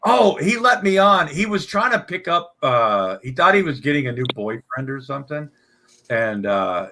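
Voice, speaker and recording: A man's voice: mid-range voice, moderate pace. A man telling crude stories in casual chat, laughing and swearing as he talks. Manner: laughing, swearing, animated storytelling.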